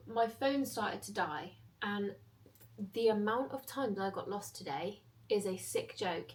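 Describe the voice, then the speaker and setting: Young girl vlogging on her phone, self-deprecating rambly chat, slightly distant sound. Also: medium pitch. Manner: chatty, self-mocking, rambling storytelling. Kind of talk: casual vlog chat.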